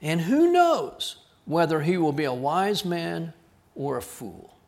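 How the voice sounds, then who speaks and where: A man from South Texas, preaching a sermon as a pastor, with an earnest delivery that drops to quiet emphasis on key words. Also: on the high side, wildly swooping pitch, takes it slowly, gravelly.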